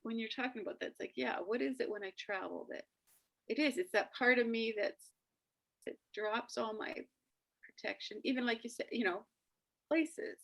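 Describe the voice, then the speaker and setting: Husky, gravelly woman host. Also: on the high side, moderate pace. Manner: animated storytelling, acting out quoted dialogue. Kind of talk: casual reflective chat.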